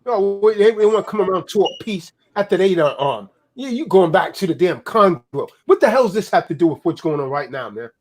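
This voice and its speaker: A man's voice: high voice, expressive, brisk, few pauses, a little mellow. A man delivering a heated, profane political rant in a preaching manner, tagging "man" onto his lines.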